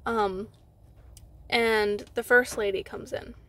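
A young woman telling a storytime vlog from inside a car. She retells it in an animated way, fills her talk with "like" and acts out what others said. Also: fairly high pitch, slow pace. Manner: animated retelling with frequent "like" fillers, acting out others' lines. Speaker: vlogger.

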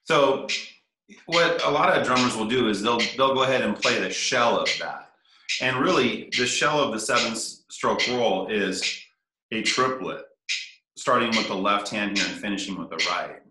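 A man's voice: fairly low pitch, moderate pace, sharp tone. A man teaching percussion, counting rhythms aloud and explaining in an easygoing way. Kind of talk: casual instruction. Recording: echoey room.

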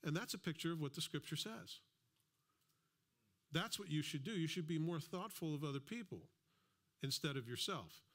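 Man, pastor, sermon, conversational, slightly high voice, acts out small dialogues. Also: expressive, a bit bright. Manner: conversational, plays out little imagined dialogues; slows down to read scripture aloud.

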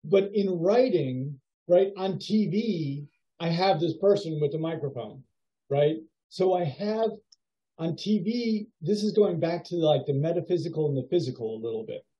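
A man teaching a writing workshop over a video call, giving feedback in a musing, halting way with many fillers. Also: fairly high pitch, animated, dark tone. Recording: dull lo-fi video call audio.

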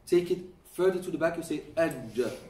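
A man's voice: sits high, flat delivery, fast talker, dark tone, slight background noise. Patient man teaching pronunciation, echoey room. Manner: patient, demonstrates sounds repeatedly and coaches students. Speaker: Quran recitation teacher. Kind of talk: classroom lesson on pronunciation. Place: classroom. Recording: echoey room, mic at a distance.

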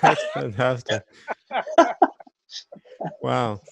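Host: gravelly man, eager and encouraging, dry close sound. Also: medium pitch, steady tone, a bit bright, no echo. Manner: enthusiastic, quick reactions. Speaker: interviewer, host. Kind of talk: casual interview chat on a video call.

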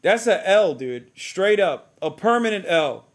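A man in his thirties talks over a clip on his live stream, blunt and profane. His voice sits high, and his delivery stays mocking. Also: sing-song, a little slow. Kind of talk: live stream reaction commentary.

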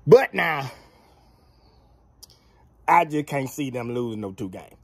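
A man's voice: medium pitch, expressive, slow pace, vocal fry, slightly rough, no echo. A man giving a casual football recap, drawling and playfully trash-talking. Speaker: sports commentator vlogger.

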